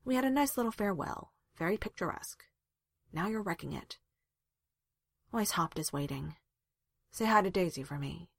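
A gruff, guarded man with a dry wisecracking humor, as a woman puts him on. The tone stays breathy and lively in pitch, recorded close and dry. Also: normal speed, pauses often, dry recording, heavily acted. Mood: wry. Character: wry, gruff male storyteller, guarded.

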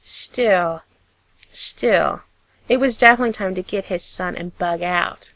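A woman narrating a piece of fiction in a steady, measured storytelling voice. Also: medium pitch, no echo, rough recording. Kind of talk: audiobook reading of fiction.

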